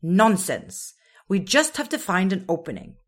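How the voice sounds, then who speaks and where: A woman's voice: mid-range voice, wildly swooping pitch, unhurried. A woman voicing a small, fussy male creature who speaks in a precise, correcting, know-it-all way in a storybook reading. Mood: matter-of-fact. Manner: precise, correcting, matter-of-fact.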